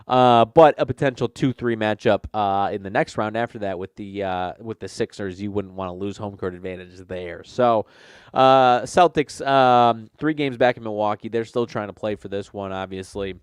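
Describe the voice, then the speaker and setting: Low, nasal man talking betting picks. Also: moderate pace, smooth, dry recording. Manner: rambling, frequent fillers and self-corrections. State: nasal from a cold. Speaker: sports betting podcast host. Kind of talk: casual solo sports betting talk.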